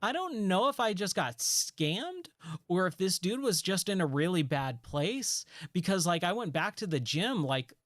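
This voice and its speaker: Speaking a little slowly in a high voice, a man in his thirties rambles through a story while gaming on stream, relaxed and leaning on fillers like "like" and "you know." The audio is studio quality with no room sound.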